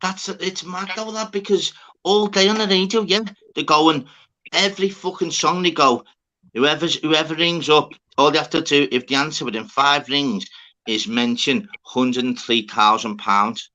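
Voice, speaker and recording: A man's voice: a little high, normal speed, sharp tone, dull audio. A man telling a sweary story in casual chat. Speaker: host.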